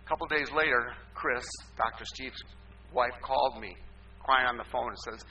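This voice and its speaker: Older male pastor with a bright, sharp voice. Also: medium pitch, normal speed, dull audio. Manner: rhetorical questions, swings from loud emphasis to soft asides. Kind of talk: sermon. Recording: distant mic with faint hum.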